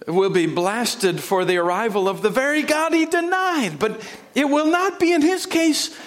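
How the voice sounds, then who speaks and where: A man preaching a sermon in a church sanctuary, dramatic, with sudden drops to a hush and rising emphasis. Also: extremely high pitch, animated, normal speed. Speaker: pastor.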